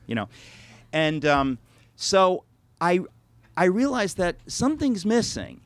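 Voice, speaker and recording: A man's voice: high-pitched, huge pitch swings, slow, dry recording. Middle-aged us guy giving a book talk, earnest, restarts a lot, dry close sound. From United States. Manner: earnest and reflective, with frequent restarts and wry asides. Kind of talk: lecture to a live audience.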